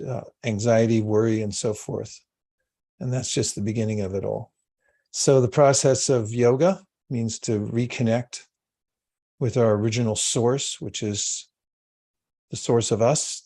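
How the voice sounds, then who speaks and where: A man giving a spiritual talk and a guided meditation, speaking slowly, calmly and soothingly with long pauses. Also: medium pitch. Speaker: spiritual teacher.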